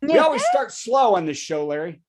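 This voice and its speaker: A man, a comedian hosting a virtual show with a topical news monologue and quick asides to the audience. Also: sits high, very animated, darkish tone. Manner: joking asides, checks in with the audience. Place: home setup for a virtual show.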